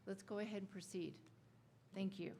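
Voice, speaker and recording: A woman chairing a town meeting, speaking softly and accommodatingly, away from the microphone. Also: mid-range voice, fairly even intonation, moderate pace, a little hiss or hum.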